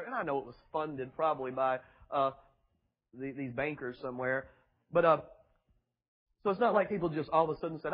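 A man's voice: high voice, expressive, fairly quick, highs cut off. A man preaching a fiery sermon to a congregation, emphatic and full of rhetorical questions and mocking asides. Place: church before a congregation.

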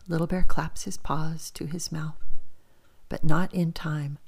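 A woman reading a bedtime story aloud in a soft, often whispered, expressive voice. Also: low voice, measured pace, vocal fry, slightly rough.

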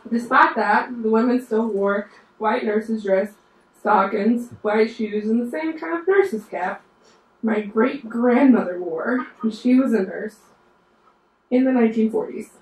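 A woman's voice: fairly high pitch, unhurried. A woman in her mid-twenties from West Virginia with a Southern accent, telling a wry, sassy story on stage. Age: mid-20s. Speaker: storyteller, nurse. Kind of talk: live storytelling performance. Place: live storytelling show at a bar venue. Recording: roomy live venue, mic far off.

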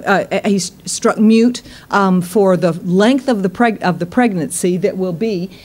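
Woman preaching with laughing asides. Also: medium pitch. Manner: warm, laughing asides, acts out quotes. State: tired. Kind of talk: sermon.

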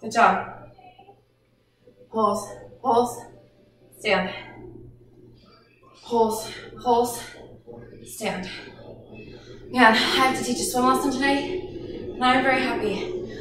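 A woman's voice: on the high side, fairly even intonation, slow, pauses often, a bit bright, far from the mic. Breathless woman coaching a workout, echoey. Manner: encouraging, breathless cues between exercises. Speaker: fitness instructor.

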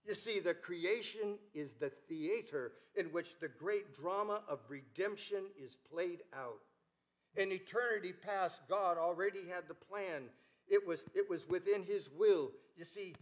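Earnest older male pastor preaching. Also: on the high side. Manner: earnest preaching with emphatic rises and soft drops. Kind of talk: sermon. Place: church sanctuary.

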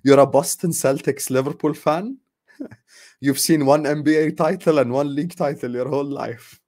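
A man's voice: on the high side, normal speed, a little mellow. Frustrated young man ranting casually. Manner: sarcastic, frustrated, laughing, trailing off into sighs. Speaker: football fan vlogger. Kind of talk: casual ranting chat to viewers.

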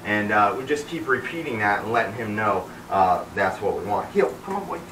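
A man's voice: lowish voice, moderate pace, reverberant, recorded from a distance, background noise. A man working as a dog trainer, explaining his method while giving the dog commands mid-sentence, with many fillers.

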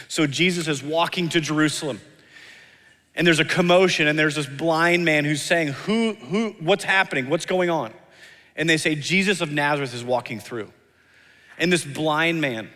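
A man's voice: a little high, a bit bright. A man preaching a sermon as pastor, earnest and emphatic, often repeating key lines and acting out quoted voices. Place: church sanctuary. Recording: long hall reverb.

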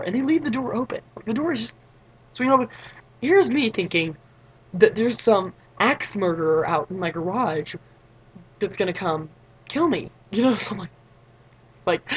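Telling a story for her casual vlog, a girl in her late teens chats away, frequently saying "like" and acting out quoted voices. Her voice is mid-range, and the recording is poor with slight background noise.

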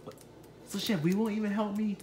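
A man voicing a whiny, defensive boy puppet in a crude comedy skit, yelling his denials. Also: high voice, fairly even intonation, brisk, a little hiss or hum, natural voice. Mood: indignant.

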